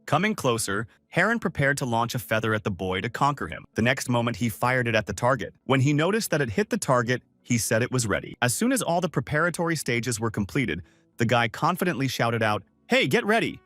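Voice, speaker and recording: A man narrating a story recap from a script in a steady storytelling manner. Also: mid-range voice, a little fast, dry recording. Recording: dry close voice over soft music.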